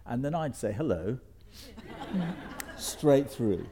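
A man's voice: on the low side, moderate pace, dark tone. A man with a British received pronunciation accent, speaking as a guest on a stage panel before an audience, reflective and anecdotal, often restarting his sentences. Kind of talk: panel discussion.

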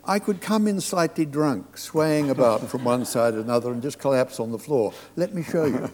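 A man's voice: mid-range voice, expressive, normal speed, darkish tone, pitched above the performer's own voice, close to an everyday voice. A man voicing a brash, mocking male actor who shows off with theatrical teasing.

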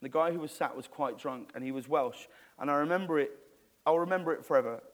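Male guest, raised pitch, animated live-interview storyteller, chatty and rambling. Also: fast talker. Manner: animated, rambling, many restarts.

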